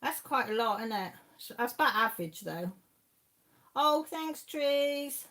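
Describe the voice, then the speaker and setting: A woman's voice: fairly high pitch, animated, measured pace, fairly bright tone. A Welsh woman in her sixties, a channel host chatting casually on a live stream and reading out viewer comments in a rambling, friendly way. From Wales. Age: 60s.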